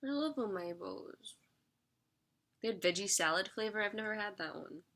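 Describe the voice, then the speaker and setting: A woman's voice: mid-range voice, lively intonation, moderate pace, a bit bright. A young woman vlogging an unboxing in a chatty, giggly way, sometimes talking while she eats. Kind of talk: casual unboxing chat.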